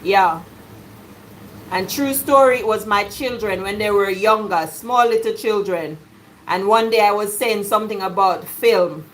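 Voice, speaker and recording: A middle-aged Jamaican woman chatting through a home cooking video in her kitchen, jokey and quick to laugh. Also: mid-range voice, fairly bright tone, a little hiss or hum. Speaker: cooking vlogger. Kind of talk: casual cooking chat.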